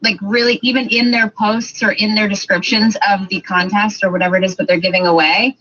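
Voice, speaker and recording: A woman's voice: medium pitch, flat delivery, fairly quick, fairly bright tone, husky. A woman, telling playful anecdotes in casual chat and acting out the voices she quotes. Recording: dull lo-fi sound with faint hiss.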